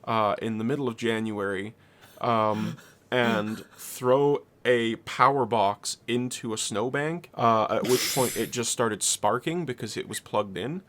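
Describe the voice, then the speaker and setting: A man's voice: mid-range voice, measured pace, fairly bright tone. Young guy on a podcast telling a story, rambly, swears a lot, laughs into it. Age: young adult. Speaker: podcast co-host. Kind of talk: casual storytelling.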